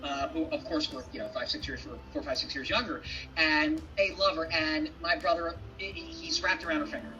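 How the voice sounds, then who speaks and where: A man as a podcast guest in casual chat, talking haltingly with many restarts. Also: fairly high pitch, distant mic, lo-fi sound, a crowd in the background. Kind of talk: casual conversation.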